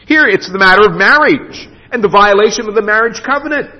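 High, lively preacher in echoey hall. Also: male voice. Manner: emphatic preaching with dramatic pauses. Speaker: pastor. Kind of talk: sermon. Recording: dull lo-fi sound with long hall reverb.

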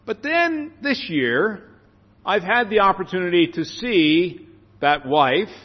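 A man preaching a sermon, slow and earnest, stressing phrases by repeating them. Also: sits high. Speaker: pastor. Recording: dull sound with long hall reverb.

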